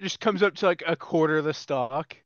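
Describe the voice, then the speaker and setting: A man's voice: fairly high pitch, fairly quick, no room sound, lo-fi sound. A man on a casual podcast, teasing his friends with dry quips. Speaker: podcast co-host. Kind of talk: casual banter among friends.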